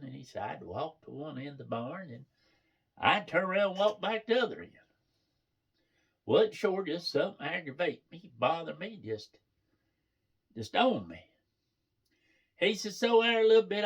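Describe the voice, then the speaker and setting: A man tells a story in plain country dialect, leaning on "he said" as he goes. His voice sits a little high and sounds gravelly and husky. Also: fairly bright tone. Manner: drawling country dialect, repeats "he said". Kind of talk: folksy retold story.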